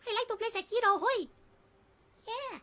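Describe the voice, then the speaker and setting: A streamer doing a squeaky little kid gamer. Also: lively intonation, moderate pace, pushed and bright, slight background noise, heavily acted. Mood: giddy. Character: small child gamer, giddy.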